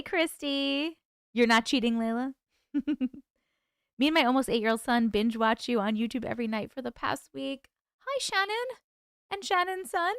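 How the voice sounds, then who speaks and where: A chatty woman hosts a livestream, greeting her viewers one by one and reading their comments back to them. Her voice sits high and swings widely in pitch, smooth and clear, with a dry close sound. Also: fairly bright tone, no room sound. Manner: laughs often. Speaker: livestream host. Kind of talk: casual livestream chat.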